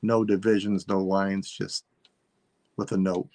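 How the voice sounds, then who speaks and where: A man selling items on a live stream, thinking aloud in a rambling, unhurried way as he describes each piece. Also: deep voice, little pitch movement, darkish tone, no room sound. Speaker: online seller. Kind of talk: live-stream sales chat.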